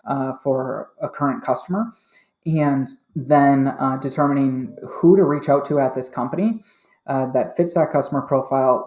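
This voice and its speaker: A man's voice: mid-range voice, a little mellow, roomy sound. A man speaking as a podcast guest, candid and chatty, laughing easily as he recounts his career change. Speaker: interview guest, sales manager. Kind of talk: casual interview chat.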